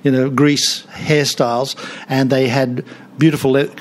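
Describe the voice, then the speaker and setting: With a medium-pitched, fairly monotone voice and measured pace, this Australian TV comedian and author in his seventies spins stories as an interview guest. He's chatty, laughs frequently and restarts his sentences a lot. Slight background noise is audible.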